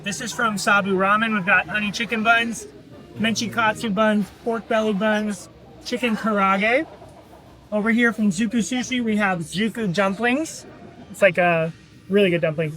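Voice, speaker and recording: A British man in a casual vlog, talking in a brisk, matter-of-fact way. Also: high-pitched, steady tone, bright, forceful tone, low-quality recording. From Britain. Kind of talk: casual vlog, listing food.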